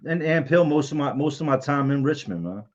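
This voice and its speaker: A man's voice: fairly high pitch, lively intonation, a little fast, lo-fi sound. A man hosting a casual livestream, candidly telling personal stories and answering viewer comments. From Virginia, US.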